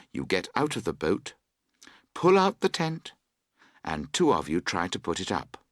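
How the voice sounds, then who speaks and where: A man narrating a story for English learners in a slow, expressive reading. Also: fairly low pitch, dry recording, studio quality. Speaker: audiobook narrator.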